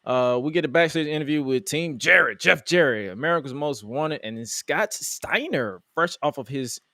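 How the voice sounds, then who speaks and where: Animated man hosting a wrestling chat. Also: on the high side, normal speed, no echo, studio quality. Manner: animated, mocking, quotes himself in exasperated asides. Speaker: podcast host. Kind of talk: casual wrestling review chat.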